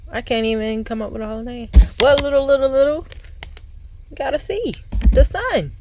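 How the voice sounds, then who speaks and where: Woman card reader, animated and profane, casual spiritual chat. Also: sits high, normal speed, over loud music.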